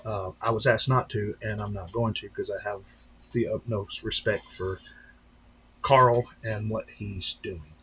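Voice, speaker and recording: A man hosting a casual live stream, rambling along with many fillers and restarts and slipping into lively voices when he retells a story. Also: lowish voice, a little slow, slight background noise, poor audio. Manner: breaks into animated voices when retelling stories. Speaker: channel host on a live stream.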